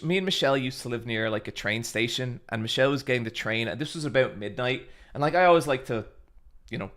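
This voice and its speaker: Bright-voiced man telling a rambling story. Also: medium pitch. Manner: rambling and animated, with swearing and filler words. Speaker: streamer host. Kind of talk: casual storytelling chat.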